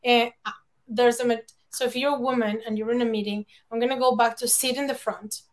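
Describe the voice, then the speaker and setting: A woman giving public speaking advice in an emphatic, animated way, often laughing and acting out quoted lines. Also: fairly high pitch, fairly quick. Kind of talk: lively conversational advice.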